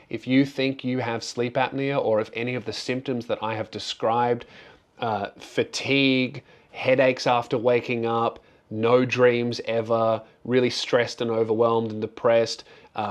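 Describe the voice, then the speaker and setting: A young adult man, a comedian hosting his own channel, answers questions in a casual, candid way. He sounds earnest and grateful and rambles with frequent restarts. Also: medium pitch.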